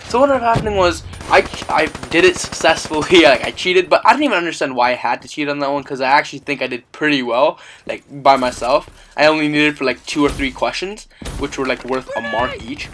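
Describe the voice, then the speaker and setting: A man's voice: a little high, expressive, fast talker, a bit bright, a little hiss or hum. A young man telling a story in a casual, rambling way, full of 'like' and 'you know'. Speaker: vlogger. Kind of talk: casual story-time chat.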